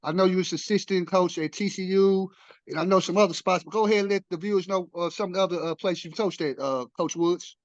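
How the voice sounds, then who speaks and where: Male host, high voice, keeps saying coach, lots of uh, dull lo-fi sound. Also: fast talker, no room sound. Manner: says "Coach" constantly, many "uh" fillers. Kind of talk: interview.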